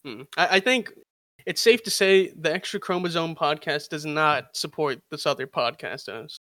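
A man's voice: on the high side, normal speed, a bit bright, dry recording. A man co-hosting a podcast, giggly and playful in casual banter. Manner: giggly, playful, jumpy delivery. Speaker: podcast co-host.

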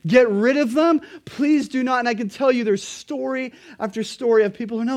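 A man, a pastor, preaching a sermon, emphatic and pleading at times, then quietly earnest. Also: very high-pitched, fairly quick, few pauses.

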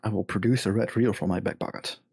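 Deep husky man, laid-back player. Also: steady tone, fast, darkish tone. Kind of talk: tabletop role-play.

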